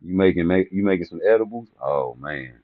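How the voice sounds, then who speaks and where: This boxing commentary vlogger has a low voice with lively intonation and talks fairly quickly in a casual, comedic rant to camera about boxing personalities. Profane and rambling, he teases people and laughs at his own jokes; the audio is tinny, phone-like and dry, with no echo.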